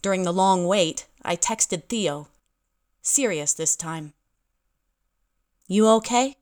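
A woman's voice: fairly low pitch, takes it slowly, a little mellow. A young woman narrating a story in a wry, self-deprecating way. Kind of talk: audiobook narration.

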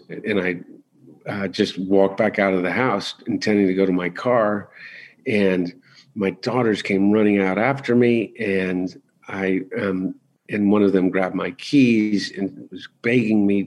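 A middle-aged man talking candidly as an interview guest, halting and restarting often as he searches for words. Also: fairly low pitch, steady tone. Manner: halting, with frequent restarts and fillers.

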